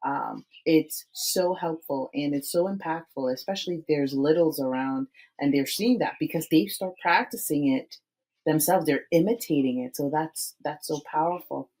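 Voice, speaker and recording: Deep and a little mellow, this woman's voice moves at a normal pace on a low-quality recording. She's in her forties, hosting a podcast interview with animated casual chat and frequent laughter between phrases.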